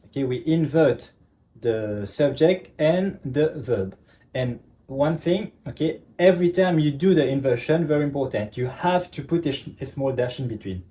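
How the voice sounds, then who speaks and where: Man teaching, mellow voice. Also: mid-range voice, lively intonation. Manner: repeats "ok" constantly, checks understanding, slow emphatic examples. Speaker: French teacher. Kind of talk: classroom lesson explanation.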